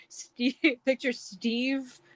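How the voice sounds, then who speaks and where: A woman's voice: high-pitched, bright, forceful tone. A woman guest artist chatting casually and laughing often while she draws on a stream.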